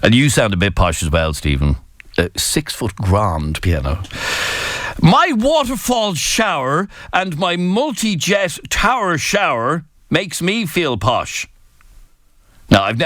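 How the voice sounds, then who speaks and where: An Irish man hosting a phone-in radio talk show, jokey and animated as he reads out listener messages. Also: mid-range voice, dry recording, clean studio sound. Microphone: studio microphone.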